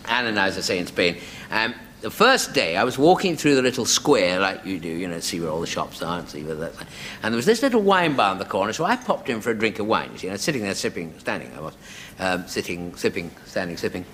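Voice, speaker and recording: A man's voice: deep voice, sing-song, quick pace, hardly any pauses, a bit bright. A man, a comedian, telling a rambling comic anecdote in a chatty, stumbling, self-mocking way, in a noisy old studio recording.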